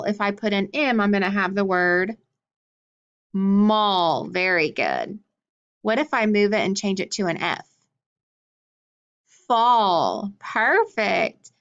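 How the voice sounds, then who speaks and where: Lady teaching kids phonics, slow and clear, mid pitch voice, kinda muffled recording. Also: a bit bright. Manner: slow, clearly sounding out words, encouraging. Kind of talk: phonics lesson for young children.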